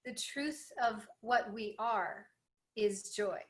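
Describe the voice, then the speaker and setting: A woman host in a spiritual interview, earnest and affirming. She speaks at a middle pitch in an even, steady way. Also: slow pace, poor audio.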